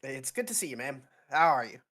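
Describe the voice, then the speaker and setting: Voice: medium pitch, sing-song, brisk, a bit bright. A player with a sore throat voicing an earnest young male pilot lieutenant in a tabletop role-play, answering with polite, clipped military replies. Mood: dutiful.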